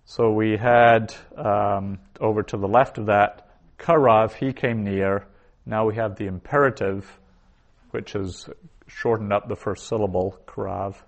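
A man's voice: lowish voice, fairly even intonation, lo-fi sound. A man teaching a recorded language lesson, saying each word twice and then explaining it. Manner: slow, repeats each word twice before glossing it. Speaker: Hebrew teacher.

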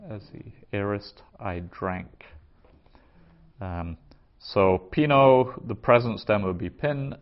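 A man with a fairly low voice teaches a vocabulary lesson, saying each term slowly and twice before he explains it. The recording is dull and lo-fi. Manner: slow, careful pronunciation with repetition. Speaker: Greek teacher.

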